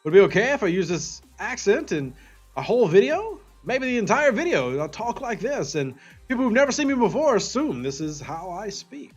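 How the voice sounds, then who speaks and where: A man's voice: high voice, sing-song, fairly quick, husky, highs cut off, soft background music, pitched above the performer's own voice, exaggerated voice. A man putting on a goofy nasal voice for an odd, cheerful man, drawling in a sing-song way. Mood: giddy.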